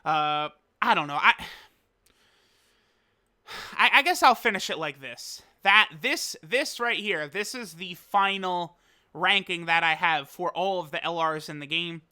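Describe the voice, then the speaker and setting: A man's voice: high-pitched, measured pace, pushed and bright, clean tone. A young man giving casual commentary on a mobile game, hesitant as he thinks aloud. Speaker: mobile game video creator.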